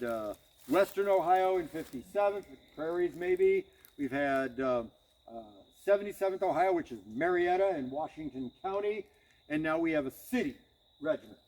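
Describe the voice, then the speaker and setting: A man's voice: fairly high pitch, a little mellow, slight background noise, low-quality recording. A man leading a guided battlefield tour outdoors, telling it casually with chuckles and frequent restarts.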